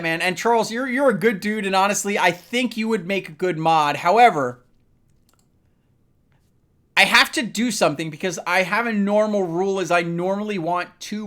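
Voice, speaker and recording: A man hosting a relaxed live stream from his home setup. He rambles and starts over, addressing his chat directly. He is a little loose from sipping bourbon. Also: sits high. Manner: rambling, talks to chat by name, tipsy from bourbon.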